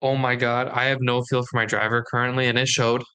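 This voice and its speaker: A man's voice: mid-range voice, level tone, brisk, pushed and bright, clear, resonant tone. A young man co-hosting a podcast, telling a story in casual chat and acting out the dialogue. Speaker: podcast co-host.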